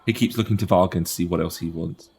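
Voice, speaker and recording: Deep-voiced game master. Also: male voice, fast, vocal fry, a little mellow, husky. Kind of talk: narrating a tabletop game.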